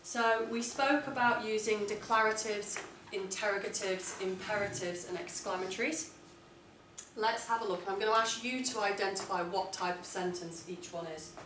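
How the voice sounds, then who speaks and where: In a reverberant classroom, a female English teacher with a mid-range voice and fairly even intonation guides students through writing. Her delivery is clear and deliberate, with emphatic stress on key words in the example texts she reads. The voice carries from afar over a soft background hum.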